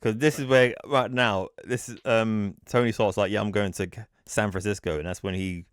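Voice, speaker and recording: A man's voice: fairly low pitch, steady tone, normal speed, clear, resonant tone, no room sound, clean studio sound. A man co-hosting a podcast, casually recapping a comic storyline in a rambling, self-correcting way and muttering the characters' quotes. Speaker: podcast co-host.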